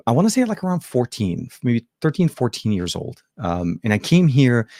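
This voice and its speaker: A man's voice: on the low side, darkish tone, dry recording, clean studio sound. A man from Lebanon whose first language is Arabic, with an American accent and a faint Arabic trace, hosting a casual tech show chat full of fillers and restarts. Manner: rambling, filler-heavy, self-correcting.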